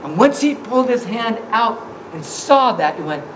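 A preacher in the middle of a sermon, retelling scripture in loose, slangy everyday talk and slipping into the voices of the people in the story. The voice sits at an ordinary middle pitch, with a faint hiss of noise behind it. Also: expressive, moderate pace, fairly bright tone, rough recording. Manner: casual, slangy storytelling that acts out the scripture scenes.

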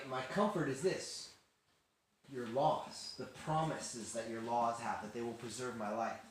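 A man giving a casual, animated Bible lesson to a youth group, acting out quotes and laughing as he goes. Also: mid-range voice. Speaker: youth teacher. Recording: very echoey room, faint hiss.

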